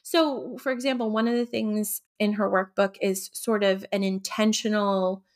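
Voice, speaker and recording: A woman hosting her own podcast as a coach, talking in a gentle, reflective way with frequent ums. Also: mid-range voice, flat delivery, moderate pace. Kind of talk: casual solo podcast talk.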